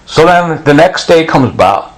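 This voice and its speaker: Middle-aged man, slightly high voice, intense rambling rant, jumps into other people's voices. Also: lively intonation, normal speed, low-quality recording. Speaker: vlogger. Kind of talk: agitated monologue.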